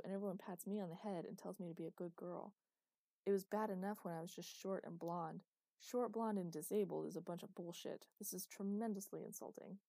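Woman reading an audiobook heroine: sardonic, stubborn, mellow tone. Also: mid-range voice, vocal fry, no echo. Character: sharp-tongued young woman in a wheelchair. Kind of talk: audiobook character voice.

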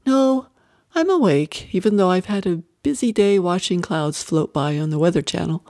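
A man's voice: sits high, expressive, moderate pace, darkish tone, no echo, clean studio sound. A man voicing a young woman recovering in hospital, speaking lightly and teasingly.

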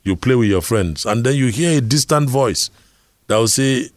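A middle-aged Nigerian man gives an earnest talk on communication skills, sharing personal stories and posing rhetorical questions. His mid-range voice is animated and moderately paced, captured in a dry, studio-quality recording.

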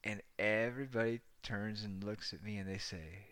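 Bright-voiced man telling a rowdy story. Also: on the low side, steady tone, normal speed, dry recording. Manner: rambling, profane, laughing often. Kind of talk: casual anecdote telling.

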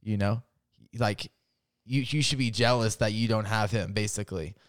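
A man's voice: lowish voice, fairly even intonation, normal speed, smooth, no room sound, clean studio sound. A man talking as a podcast guest in casual chat, rambling with lots of fillers and laughing as he retells stories.

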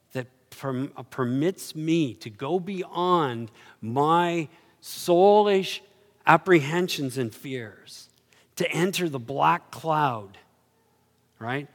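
A man preaching a sermon, telling stories animatedly and swinging from low murmurs to excited highs. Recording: reverberant hall.

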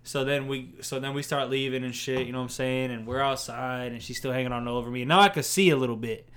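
A man's voice: medium pitch, fairly even intonation, quick pace, fairly bright tone, clean tone. A young man telling a long, profane, laughing story to friends on a podcast. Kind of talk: casual storytelling among friends.

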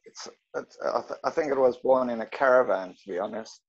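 A man's voice: mid-range voice, a little fast, lo-fi sound, a crowd in the background. A man from South Africa with a South African accent, a laid-back podcast guest who laughs often. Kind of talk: casual chat.

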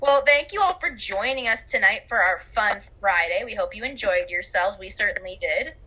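A woman's voice: mid-range voice, animated, normal speed, bright, forceful tone, breathy edge, poor audio. A young woman co-hosting a podcast in casual chat, teasing and laughing at herself. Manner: teasing, laughing, self-deprecating. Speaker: podcast co-host.

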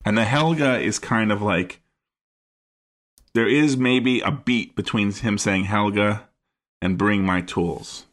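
A man co-hosting a podcast about a film, talking in an analytical way and often pausing to search for words. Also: fairly low pitch. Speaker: podcast co-host. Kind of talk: casual film-discussion chat.

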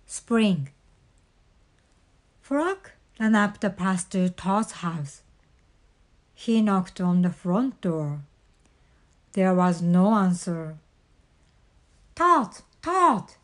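A woman reading a children's storybook aloud in a gentle, deliberate way. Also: on the low side. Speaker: storybook reader.

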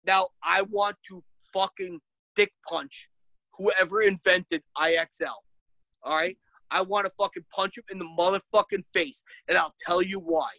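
A woman's voice: mid-range voice, steady tone, measured pace, vocal fry, fairly bright tone, no room sound, poor audio. A woman co-hosting a casual chat, ranting in exasperation with lots of swearing and bursts of laughter. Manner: rises to shrieking when worked up.

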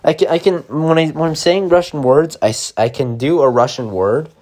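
A man's voice: fairly high pitch, normal speed, darkish tone. A young man rambling casually to camera, full of likes and restarts.

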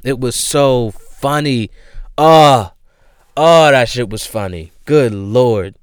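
A young man hosting a podcast, telling stories in a profane, animated monologue and laughing often. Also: mid-range voice, slow pace, smooth, no room sound, clean studio sound. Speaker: podcast host. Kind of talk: casual comedic monologue.

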